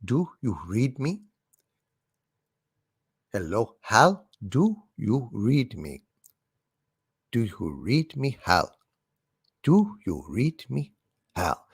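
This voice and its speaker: A man's voice: medium pitch, big pitch swings, extremely slow, pauses often, husky, dry recording, studio quality, voice pushed down, full character voice. A man voicing a stern male astronaut who gives curt demands to his ship's computer. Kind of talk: comedy sketch.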